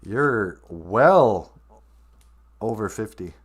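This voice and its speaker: A man's voice: lowish voice, lively intonation, very slow, breathy edge. A man in his fifties hosting a comedy podcast, mocking a video clip in a sarcastic way. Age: 50s. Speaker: podcast host.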